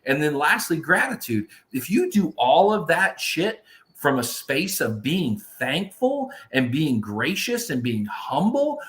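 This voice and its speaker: A man's voice: on the high side, very animated, a little slow, fairly bright tone. A man in his fifties, co-hosting a podcast, talking in an emphatic, motivational way. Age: 50s. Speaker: podcast co-host. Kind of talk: casual chat.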